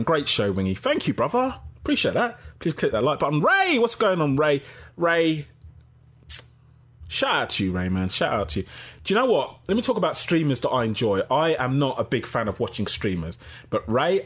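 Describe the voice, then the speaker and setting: Chatty man hosting a livestream. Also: medium pitch. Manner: chatty, gives shout-outs, laughs easily. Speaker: podcast host reading live chat. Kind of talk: casual live-stream chat.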